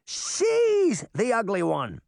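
A man's voice: extremely high pitch, big pitch swings, unhurried, vocal fry, dry recording, clean studio sound, pitched above the performer's own voice, exaggerated voice. A man voicing a brash, teasing boy fairy in an audiobook. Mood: cocky. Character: cocky mischievous boy fairy. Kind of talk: audiobook character voice.

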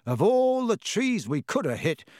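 A man's voice: high-pitched, very animated, a little slow, a little mellow, no room sound, studio quality, pitched above the performer's own voice. A man reading aloud and voicing a frightened teenage boy who speaks in a shaky, strained voice. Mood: miserable.

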